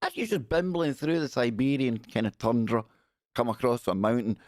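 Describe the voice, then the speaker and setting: A man's voice: medium pitch, expressive, moderate pace, darkish tone, no echo, clean studio sound. A man hosting a casual livestream, joking wryly and reading news passages aloud. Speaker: livestream host. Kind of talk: casual live-stream commentary.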